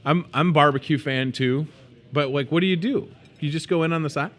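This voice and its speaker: A man's voice: a little high, fairly quick. A man in his thirties hosting a store video show, chatting casually and joking while promoting food. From moved to Iowa as a student. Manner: playful, joking, animated.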